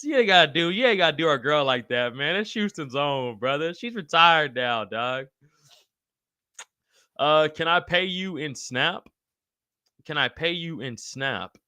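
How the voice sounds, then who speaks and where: A live podcast stream host reads chat and reacts excitably and loosely, cursing and calling everyone brother. His fairly high voice is a little slow with frequent pauses, and there's no echo.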